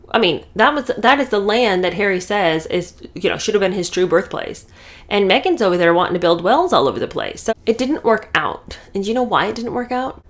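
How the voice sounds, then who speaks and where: A woman giving casual, sarcastic commentary, talking animatedly with many fillers and restarts. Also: medium pitch.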